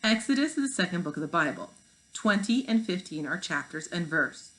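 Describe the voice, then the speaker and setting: A woman reading a calm young team leader. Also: on the low side, brisk, rough recording. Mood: steady.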